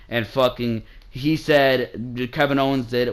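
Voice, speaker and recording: A man's voice: mid-range voice, moderate pace, few pauses. A man ranting through a wrestling show review, swearing often and firing off questions, his throat strained and wearing out. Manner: heated, profane, rhetorical questions.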